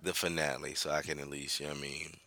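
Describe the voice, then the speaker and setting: A man co-hosting a podcast, talking in a loud, joking, rowdy way. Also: extremely low pitch, level tone, quick pace, vocal fry, no room sound. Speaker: podcast co-host. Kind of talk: casual chat.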